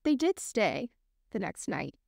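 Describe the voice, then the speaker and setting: A young adult woman hosting a podcast, retelling a spooky legend in an animated, chatty way. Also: medium pitch, measured pace, creaky, no echo, clean studio sound. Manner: lively, animated retelling with quoted voices. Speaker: podcast host telling the story. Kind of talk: casual storytelling chat.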